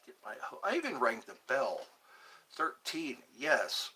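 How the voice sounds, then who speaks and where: A man's voice: medium pitch, huge pitch swings, a little slow, pushed and bright, breathy edge. A man hosting a live stream, chatting casually and reading viewer comments, often stumbling and repeating words. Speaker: livestream host.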